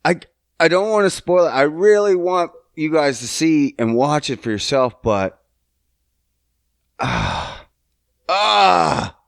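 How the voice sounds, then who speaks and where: A young man hosting a podcast, talking casually and profanely, getting loud and worked up as he rants. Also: fairly high pitch, moderate pace, smooth, no room sound, clean studio sound. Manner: profane, animated, swings loud when worked up. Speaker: podcast host. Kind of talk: casual solo podcast rant.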